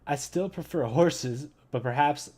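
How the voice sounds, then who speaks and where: Man doing an elderly gent: slow, polite, mannered. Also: fairly high pitch, a little mellow, breathy edge. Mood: polite, measured. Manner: slow, measured, mannered delivery. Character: genteel elderly English gentleman, polite and calm.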